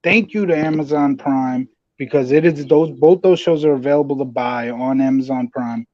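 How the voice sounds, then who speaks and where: A man's voice: medium pitch, normal speed, darkish tone, no room sound, dull audio. A man hosting a podcast, chatting casually and swearing while he retells wrestling scenes. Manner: casual, profane, retells scenes in put-on voices. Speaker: podcast host. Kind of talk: casual wrestling review chat.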